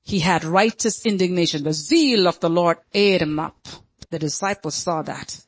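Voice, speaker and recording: A woman's voice: on the low side, moderate pace, husky. A woman pastor preaching a sermon in an emphatic, dramatic way, often acting out quotes.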